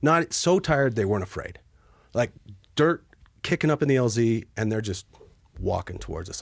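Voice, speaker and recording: A man with a low, husky voice tells war stories as a podcast guest. He acts out what people said, jumping to high yelps or dropping to a hush. The sound is close and dry. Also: brisk, no room sound. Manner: animated, acts out quotes with sudden high yelps and hushed asides. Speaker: podcast guest, Army helicopter pilot. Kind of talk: casual storytelling.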